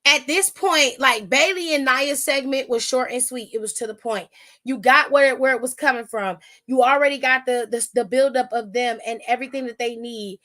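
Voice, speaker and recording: A high-pitched young woman talks straight at her listeners as a podcast host. She is blunt and profane, and she acts out the lines of the people she talks about. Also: moderate pace, bright, forceful tone. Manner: blunt, profane, with acted-out quotes. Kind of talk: casual wrestling recap.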